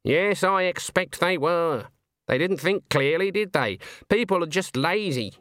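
A man's voice: sits high, animated, measured pace, fairly bright tone, no room sound, studio quality, voice pushed up. A man voicing a stern, haughty old woman witch who speaks in a curt, clipped, disdainful way. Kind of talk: audiobook character voice.

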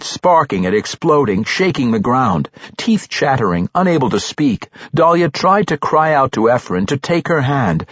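A man reading a fantasy novel aloud as an audiobook narrator, with dramatic, expressive storytelling. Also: mid-range voice, slightly rough, no echo. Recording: slightly muffled audio.

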